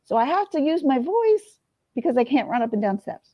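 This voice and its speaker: A woman's voice: high-pitched, sing-song, a little fast, dark tone, dry recording. Candid tearful woman venting to camera. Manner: candid, tearful at times, swears freely. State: teary. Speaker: vlogger. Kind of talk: emotional confessional talk to camera.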